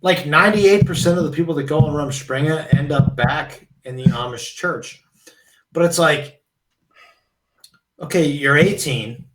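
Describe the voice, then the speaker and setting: A man's voice: on the high side, measured pace, a bit bright. Brief: young male guest, rambling laid-back talk, echoey room, off-mic. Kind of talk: casual chat, storytelling. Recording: roomy, from a distance.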